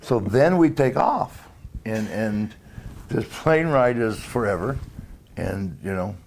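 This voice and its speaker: Low-voiced man telling a hesitant story. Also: expressive, takes it slowly, vocal fry, a little mellow, a little hiss or hum. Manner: hesitant, many fillers and restarts, chuckles. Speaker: former wrestler. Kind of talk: casual storytelling interview.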